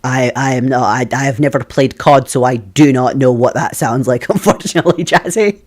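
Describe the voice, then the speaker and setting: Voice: medium pitch, normal speed, a little mellow. A streamer chatting casually with viewers from a computer desk at home, laughing often between remarks. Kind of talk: casual live-stream chat.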